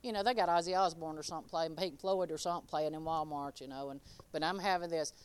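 A woman preaching an informal sermon and giving her testimony. She talks straight to the crowd and swings between soft, quiet asides and loud, emphatic lines. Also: low-pitched, quick pace, smooth. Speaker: speaker giving a testimony and teaching.

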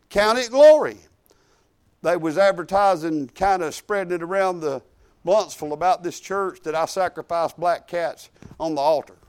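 Woman preacher, smooth resonant voice. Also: medium pitch. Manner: folksy, emphatic preaching with frequent hallelujahs. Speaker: pastor. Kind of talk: sermon.

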